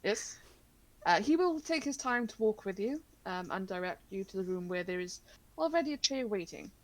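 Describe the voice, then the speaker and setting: A woman narrating a tabletop horror game as game master, halting, with many fillers and frequent laughs. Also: medium pitch, animated.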